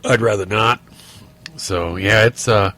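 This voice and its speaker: A man's voice: on the low side, measured pace, sharp tone. A middle-aged man hosting a podcast, telling rambling stories and ranting with lots of restarts and fillers. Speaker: podcast host. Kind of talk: casual monologue.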